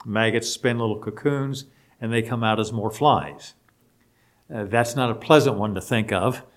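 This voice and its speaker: A man teaching a Bible study lecture, spelling out Greek words letter by letter and stressing key phrases before trailing off quietly. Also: lowish voice, normal speed.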